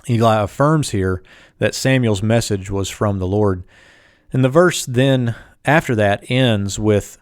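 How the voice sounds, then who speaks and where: A man with a fairly low voice gives a Hebrew lesson over a close desk mic. He explains each term in a calm, methodical way. The sound is dry, with no room around it. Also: moderate pace, no room sound. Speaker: Hebrew teacher. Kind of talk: screen-share Bible language lesson.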